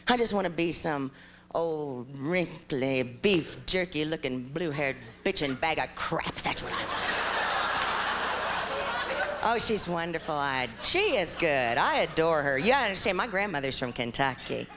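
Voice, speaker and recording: A young adult woman from Ohio performing a stand-up comedy set with animated, exaggerated storytelling on a live stage. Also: sits low, unhurried, very noisy.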